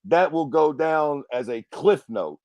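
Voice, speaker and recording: A man's voice: fairly high pitch, lively intonation, a little slow, darkish tone, no room sound. A man co-hosting a fight podcast in casual chat, blunt and drawling with heavy cursing. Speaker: MMA podcast co-host.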